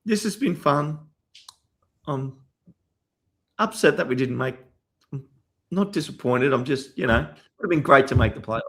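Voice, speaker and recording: A man on a fan podcast, talking in a relaxed, rambling and slightly hesitant way as he signs off. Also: medium pitch, moderate pace, long pauses. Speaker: podcast guest. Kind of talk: casual sign-off chat.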